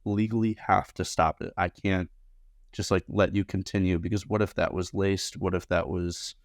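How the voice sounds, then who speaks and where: Młody mężczyzna z niskim głosem, ożywiony gawędziarz, suche nagranie z bliska. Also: male voice, normal speed, no echo, clean studio sound. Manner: animated, acts out quotes in higher voices. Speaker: podcast guest, bartender. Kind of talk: casual storytelling.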